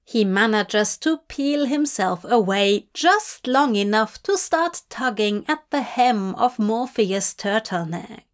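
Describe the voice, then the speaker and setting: Slow, intimate woman narrator. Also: on the high side, expressive. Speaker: fanfic reader. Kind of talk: scripted audiobook narration.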